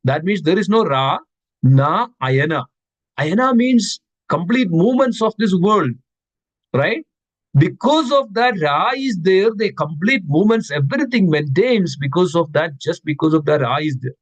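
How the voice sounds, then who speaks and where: A man's voice: high voice, lively intonation, normal speed, no echo, highs cut off. A man giving a devotional scripture class, reciting verses and asking his listeners questions, often repeating words for stress. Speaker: class speaker.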